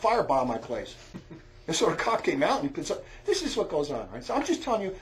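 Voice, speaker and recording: A man telling a long, rambling story in a loud, heated way, often shouting and stumbling over restarts. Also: on the high side, sing-song, a little fast. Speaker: storyteller on a talk recording.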